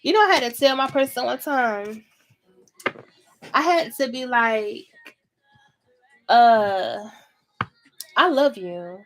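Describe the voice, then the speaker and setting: A woman's voice: fairly high pitch, expressive, slow, long pauses, a little hiss or hum. A woman giving a casual tarot reading to camera, talking in a blunt, chatty way with plenty of swearing. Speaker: tarot reader.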